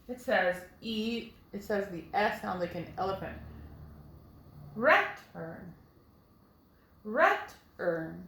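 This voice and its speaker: A woman teaching a phonics lesson to first graders, patient and slow, explaining each step to young children. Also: fairly high pitch, a bit bright. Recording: echoey room.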